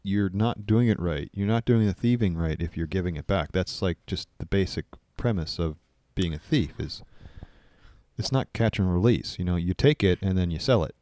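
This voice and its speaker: A man co-hosting a casual podcast, talking in a dry, deadpan, teasing way into a studio microphone. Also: low voice, moderate pace, no echo. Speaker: podcast co-host. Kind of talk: casual banter.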